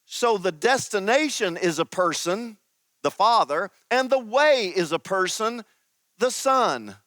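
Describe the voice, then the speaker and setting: A man preaching a sermon as pastor, teaching slowly and emphatically with dramatic pauses. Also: sits high, lively intonation, a bit bright, no echo.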